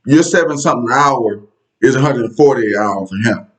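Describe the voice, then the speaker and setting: A fairly quick, fairly bright mid-range voice carries this political commentary vlogger's casual rant. He speaks conversationally and directly to viewers, bluntly and sarcastically, with profanity, on a low-quality recording.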